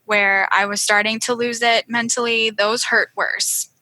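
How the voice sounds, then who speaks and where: A young woman tells her story with a bright, clear tone, speaking earnestly and warmly animating the voices of others she quotes. Her sound is dry and close, with no room around it. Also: fairly high pitch, a little slow, dry recording, low-quality recording. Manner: earnest, animated when quoting others, many fillers. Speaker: podcast guest. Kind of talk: telling her birth story in an interview.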